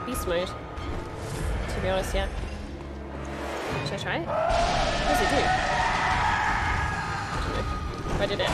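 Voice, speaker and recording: Woman gamer w a high voice, excitable and sweary while she plays, game music loud behind her. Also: unhurried, pauses often. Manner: excitable, exclaiming and swearing under stress. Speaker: video game player. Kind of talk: let's play commentary.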